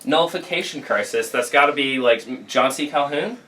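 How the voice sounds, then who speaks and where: A teenage student presenter answering quickly and defensively, joking along with a friend. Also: male voice, mid-range voice, heavy background noise.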